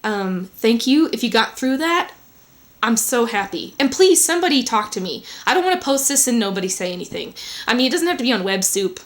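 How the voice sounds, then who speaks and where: A woman's voice: a little high, sing-song, fairly quick. Woman vlogger at home, chatty, meandering, lots of "um" and "like". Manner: chatty, rambling, full of fillers. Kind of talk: casual rambling vlog.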